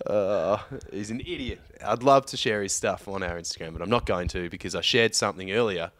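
A man's voice: lowish voice, fast, a bit bright, no room sound. Profane Australian man telling a rambling story. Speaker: podcast co-host. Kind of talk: casual chat.

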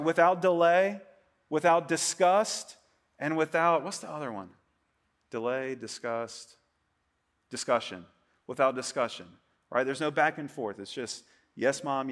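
A middle-aged man preaches in a conversational sermon, his voice sitting a little high. He keeps checking in with the congregation with "right?" and gets higher and louder when he acts out someone's protest. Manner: acts out quoted voices with a rising, louder pitch. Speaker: pastor. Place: church service with congregation.

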